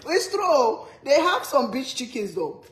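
A woman's voice: high voice, sing-song, unhurried, a bit bright, roomy sound, poor audio. Laughing woman hosting a cooking live. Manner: playful, laughs a lot, reads comments aloud. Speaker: cooking livestream host. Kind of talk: casual live-stream chat.

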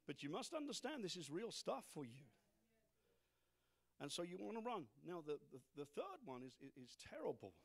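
High, lively male preacher. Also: moderate pace, creaky. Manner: animated, acts out Bible characters, laughs at own jokes. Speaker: pastor. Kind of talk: sermon.

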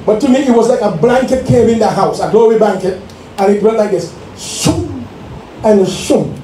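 Pastor, high-pitched and mellow, heard from afar in an echoey sanctuary, exuberant call-and-response preaching. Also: male voice, expressive, normal speed. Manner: exuberant, calls for responses, laughs. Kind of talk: Pentecostal sermon. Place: church sanctuary. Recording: echoey church room from far off, faint noise.

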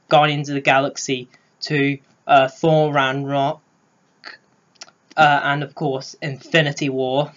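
A man talks through his favourite film moments in a slow, unhurried way, gushing with praise and filling every pause with hesitations. His voice sits at an ordinary middle pitch. The recording sounds dull and lo-fi. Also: fairly bright tone. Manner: gushing, lots of filler words. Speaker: film vlogger. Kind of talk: casual spoiler review.

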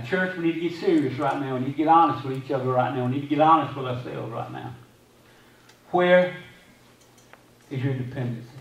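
Pastor guy preaching, highish voice, repeats stuff, echoey church, mic kinda far off. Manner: preaching with repeated phrases and swings between loud and hushed; quotes scripture. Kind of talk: sermon. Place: church sanctuary. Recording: echoey sanctuary from a distance.

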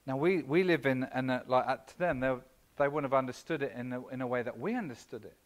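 A man's voice: mid-range voice, fast. A man preaching a conversational sermon as pastor, self-deprecating and full of asides to the congregation. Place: church.

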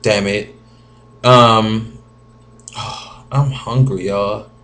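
A man's voice: fairly low pitch, fairly even intonation, very slow, a bit bright, slight background noise. Young male vlogger, chatty and theatrical, wanders off topic, sometimes trails into a mumble. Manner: chatty and dramatic, rambling asides. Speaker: vlogger reading viewer comments. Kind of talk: casual chat to camera.

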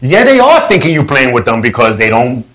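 Animated man hosting a talk show. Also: mid-range voice, fairly quick, rough recording. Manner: animated, acts out quotes loudly. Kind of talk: casual interview chat.

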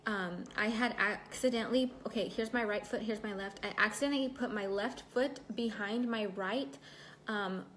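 A woman's voice: medium pitch, moderate pace, fairly bright tone, slight background noise. A young woman chatting casually on a livestream, reading out and answering viewer comments between bits of her story, laughing often.

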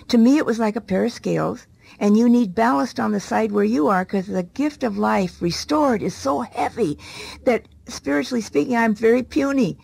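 A middle-aged woman giving her faith testimony as an interview guest, telling it as a lively story and acting out the people she quotes. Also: on the high side, normal speed, gravelly, breathy edge.

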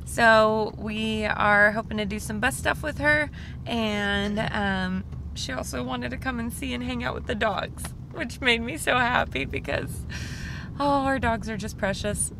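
A woman's voice: fairly high pitch, measured pace, creaky, background noise. A young woman hosting a casual vlog about converting a bus, bubbly, giggly and chatty. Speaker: vlog host. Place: converted school bus and workshop.

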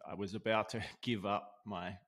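A man telling stories in a relaxed, casual way as an interview guest. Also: lowish voice, normal speed. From Australia. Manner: laid-back, lots of "dude" and "like", laughs while telling. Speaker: guest, osteopath. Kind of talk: casual storytelling.

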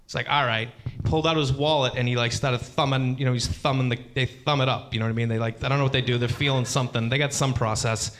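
A man doing stand-up comedy, telling a story in an animated way and acting out the people in it. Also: quick pace. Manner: animated, acts out characters with big jumps in pitch.

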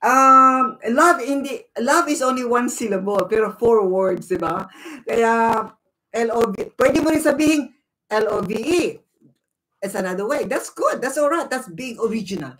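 Filipino woman hosting her live stream, fairly high voice, chatty, flips between Tagalog and English and greets viewers one by one. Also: expressive, normal speed, fairly bright tone, low-quality recording. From Philippines. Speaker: livestream host. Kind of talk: casual live-stream chat.

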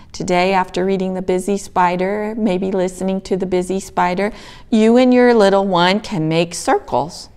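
A woman hosting a library storytime, reading a picture book aloud to young children in a gentle, sing-song way. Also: medium pitch, creaky, clear, resonant tone.

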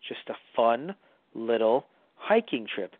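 A man's voice: mid-range voice, animated, slow pace, dry recording, voice pushed down. A man voicing a smug, scheming young man who fakes friendliness with a sly, casual invitation. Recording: dry, phone-like line.

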